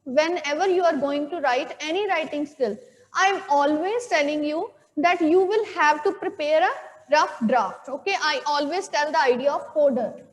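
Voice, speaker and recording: A woman's voice: high-pitched, normal speed, big-room sound. A woman teacher with an Indian English accent giving a classroom lecture, explaining step by step, repeating key points and checking with "okay?".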